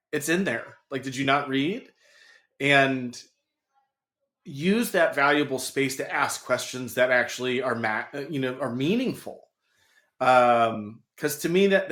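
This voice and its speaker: A man's voice: medium pitch, a bit bright. Chatty man guest in a roomy space. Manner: chatty, storytelling, laughs often. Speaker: podcast guest. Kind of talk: casual podcast chat.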